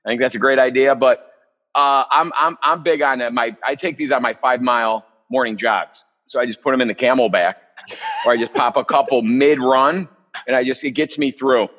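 A man runs a live cooking demonstration as the chef, with a mid-pitched voice. He chats casually, cracks jokes and wanders into rambling asides. The recording sounds a little muffled and dull. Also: brisk. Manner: joking, chatty, rambling asides. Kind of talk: live online cooking demo.

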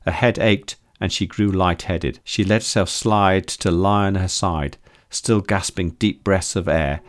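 A man reading his own story aloud as narrator, in a steady, measured delivery. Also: deep voice. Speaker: author and narrator. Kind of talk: scripted audiobook narration.

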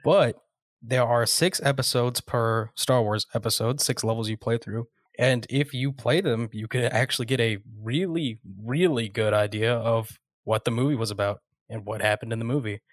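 A man's voice: medium pitch, steady tone, normal speed, no room sound, studio quality. A young adult man, a guest on a podcast, chatting in an easygoing, slightly hesitant way. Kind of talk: casual chat.

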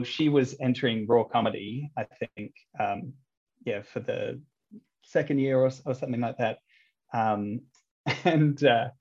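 A man's voice: mid-range voice, breathy edge. An English-born man, a comedian guest on a podcast, rambling in casual chat with many ums and chuckles. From England. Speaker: comedian and street performer, guest. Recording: dull lo-fi sound.

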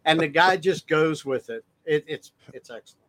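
A man co-hosting a podcast in casual chat, easygoing and quick to laugh. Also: on the high side, a bit bright, low-quality recording. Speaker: podcast co-host.

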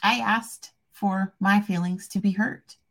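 A woman talking to camera in a rambling, heartfelt vlog, soft-spoken and a little tearful. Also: medium pitch, fairly even intonation, slow. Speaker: vlogger. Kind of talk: emotional personal vlog.

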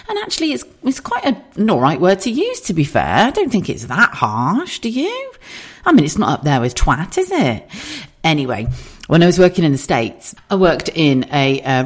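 A middle-aged woman tells stories on her podcast, chatty and animated and quick to giggle. Her pitch swings widely from low to high as she gets carried away. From southern England. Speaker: podcast host. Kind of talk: casual storytelling monologue.

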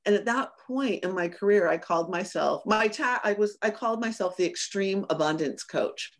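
A woman business coach telling a personal story in a casual interview, animated and often acting out her own remarks with laughs. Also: mid-range voice, normal speed. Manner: animated, acts out quoted lines with laughs.

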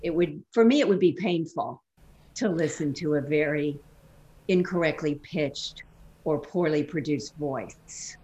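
A woman's voice: sits low, a little slow, dark tone, poor audio. A woman guest who works as a voice coach, explaining vocal technique in an interview and demonstrating exercises. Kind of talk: interview answers.

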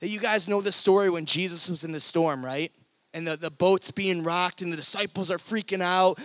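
Young guy youth pastor, high voice, animated storytelling sermon, super dry sound. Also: moderate pace, no room sound. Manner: energetic storytelling, acts out quoted voices.

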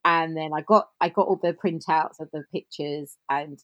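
A woman, telling her story as a podcast guest in an animated way, acting out bits of dialogue. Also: low-pitched, moderate pace, no room sound, lo-fi sound. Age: 40s. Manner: animated, laughs often, reenacts dialogue. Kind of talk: casual storytelling.

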